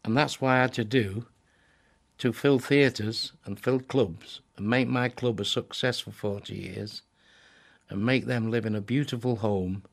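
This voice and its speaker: Older man, from England, gravelly, mid pitch, blunt, chatty, interview. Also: unhurried. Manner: blunt, chatty, repeats himself, acts out joke voices. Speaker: comedian interviewed. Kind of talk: interview talk, telling jokes.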